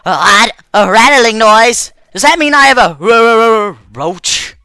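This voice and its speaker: Guy putting on a high squeaky girl robot, cocky and childish, bright dry sound. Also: a little slow, clear, resonant tone, dry recording, soft background music, exaggerated voice. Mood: indignant. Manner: excitable, squealing, stammering. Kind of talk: let's play voice dubbing. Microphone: close desktop mic.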